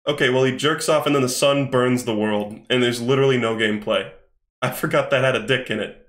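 A man's voice: mid-range voice, steady tone, fairly quick, a bit bright. A man streaming games live, chatting, thinking aloud and swearing casually as he plays. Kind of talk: live game-stream commentary. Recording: echoey room.

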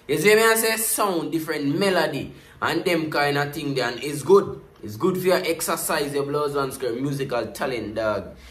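A Jamaican man giving casual commentary as he reacts to a music video. He talks in patois, keeps looping back to the same catchphrase refrains, and stays animated throughout. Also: a little high, moderate pace, reverberant.

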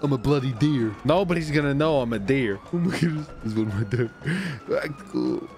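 Man, streamer, excited gameplay commentary, lively pitch, chatty and giggly, music in the background. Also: quick pace. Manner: giggly, chatty, narrates his own moves. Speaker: streamer playing a roleplay game.

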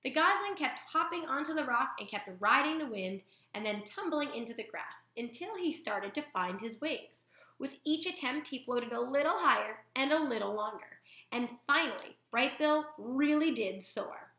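A woman reading a children's novel aloud to young listeners in an expressive storytelling manner. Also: high-pitched, normal speed, roomy sound. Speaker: storytime reader.

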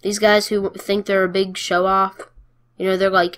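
A woman giving casual gameplay commentary, playful and excitable, cheering her wins and taunting the other players. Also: medium pitch, moderate pace.

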